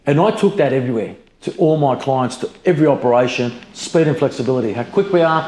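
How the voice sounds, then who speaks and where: A man's voice: mid-range voice, fast talker, reverberant, a little hiss or hum. A middle-aged Australian man, a business founder, telling stories bluntly in a casual interview, swearing freely and saying "mate" a lot. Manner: blunt, animated, swears freely, peppers with "mate" and "you know".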